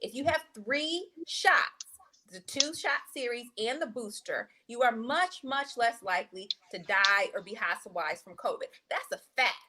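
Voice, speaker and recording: A woman's voice: a little high, animated, normal speed, bright, forceful tone. A woman, a physician guest on a podcast, speaking firmly and assertively as she lays out facts. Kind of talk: podcast discussion.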